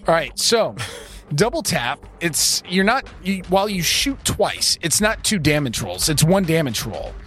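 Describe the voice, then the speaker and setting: An eager man at a tabletop game, explaining his moves step by step. His voice is a little high and swings widely in pitch, with faint music in the background. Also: measured pace. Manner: eager, animated, explains rules in detail. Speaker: player.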